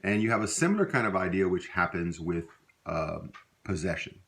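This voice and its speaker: Deep-voiced Louisiana man teaching casually. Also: moderate pace, a little hiss or hum. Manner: relaxed, rambling, with many fillers and self-corrections. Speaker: language teacher. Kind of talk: casual spoken lesson.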